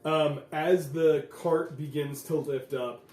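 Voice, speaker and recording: A man running a tabletop game as game master, narrating in a relaxed way with many fillers. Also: a little high, takes it slowly, soft background music. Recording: echoey room, voice from far off.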